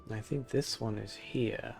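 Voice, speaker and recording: A man streaming a game, thinking aloud in a low-key, casual way. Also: steady tone, measured pace, creaky, a little mellow, soft background music.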